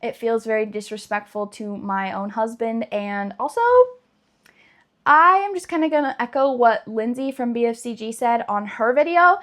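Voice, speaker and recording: A woman's voice: on the high side, normal speed, fairly bright tone. Chatty woman gushing over books. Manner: chatty, gushing, many likes. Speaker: book vlogger. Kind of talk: casual chat.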